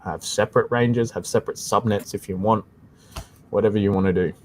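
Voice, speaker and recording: A man with an Australian accent co-hosts a live tech question stream, talking in a casual, explanatory way. His voice sits low, and he keeps circling back with "like I said". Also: fairly quick, darkish tone, a little hiss or hum. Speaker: tech support co-host.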